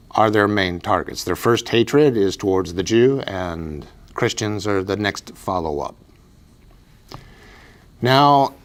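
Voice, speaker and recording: A man giving an emphatic, preachy political commentary monologue as a write-in candidate, repeating phrases for effect. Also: on the low side. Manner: emphatic, repetitive, preachy delivery.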